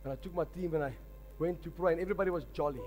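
High-voiced preacher. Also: male voice, very fast, darkish tone. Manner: emphatic storytelling preacher. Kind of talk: sermon. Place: large church hall. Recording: long hall reverb with faint music.

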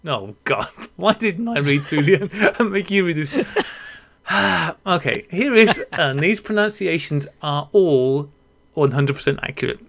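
A man's voice: on the high side, animated, measured pace, vocal fry, fairly bright tone. A man hosting a casual podcast, reading listener emails aloud and often laughing at his own mispronunciations. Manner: giggly, laughs through mispronunciations. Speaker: podcast host.

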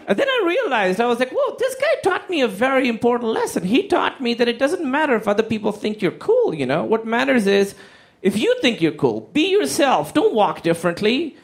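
High, lively man telling a stand-up story. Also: normal speed, noisy background. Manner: animated, acts out quotes in silly voices, swears freely. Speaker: stand-up comedian.

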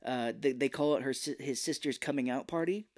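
A man co-hosting a film podcast talks in an easygoing, chatty way. His voice sits at a middle pitch. He keeps breaking into quick impressions as he retells scenes. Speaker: podcast co-host. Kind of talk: casual film review chat.

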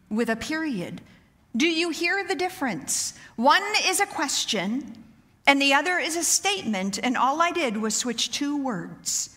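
A middle-aged woman giving a sermon to women, loud and animated in her delivery. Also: high voice, moderate pace. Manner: loud, animated preaching, says so herself. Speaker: women's ministry speaker. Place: church sanctuary. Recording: reverberant church hall.

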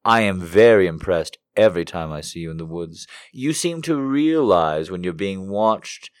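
Brief: low-voiced man, slow deadpan comic host, dry close sound. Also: no room sound. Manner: rambling, deadpan, self-mocking. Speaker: comedic host. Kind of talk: joking monologue and reading letters aloud.

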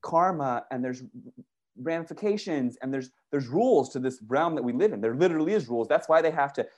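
A man talking casually and excitedly, rambling through stories with many restarts, swearing and saying "dude" and "bro". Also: a little high, brisk. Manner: profane, uses "dude" and "bro". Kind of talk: casual conversation.

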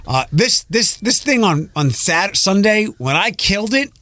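Male podcast host, higher voice, dry sound; rambling, restarting storyteller. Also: very animated, measured pace, pushed and bright, no echo. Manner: rambling, self-interrupting storyteller. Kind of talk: casual chat.

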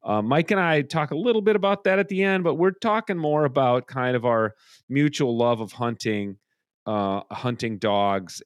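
A man's voice: medium pitch, no room sound, clean studio sound. A middle-aged man hosting a podcast from his home, chatting casually and rambling with restarts. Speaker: podcast host. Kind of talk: casual chat. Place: room at home.

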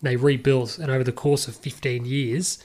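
A man with an Australian accent co-hosting a casual sports podcast, talking in quick, rambling runs. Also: mid-range voice, flat delivery, a little mellow. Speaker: podcast co-host.

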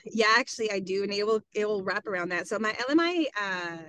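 A middle-aged woman talking frankly in a casual podcast chat, animated and full of "like" as she tells stories. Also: medium pitch, fast. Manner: frank, animated storytelling with lots of "like". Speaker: podcast guest. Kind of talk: casual conversation.

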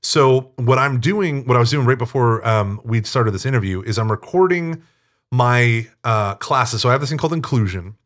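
A man being interviewed, telling stories in a talkative, animated way and acting out quoted speech. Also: medium pitch, moderate pace. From United States. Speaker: interview guest, Catholic teacher. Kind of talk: casual storytelling interview.

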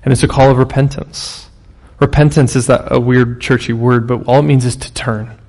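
A man in his thirties delivers a sermon with a gravelly, fry-tinged voice at an everyday middle pitch. He talks casually and tells stories, then jumps up in force on the lines he wants to land. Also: steady tone, normal speed, darkish tone. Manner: conversational, storytelling preacher with sudden bursts of emphasis. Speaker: pastor.

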